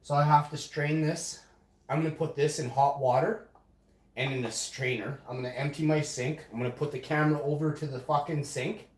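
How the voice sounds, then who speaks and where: A man's voice: fairly high pitch, steady tone, fairly quick. A man live streaming from his home kitchen, swearing heavily in an indignant casual rant. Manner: profane, ranting, indignant. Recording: roomy echoey room sound.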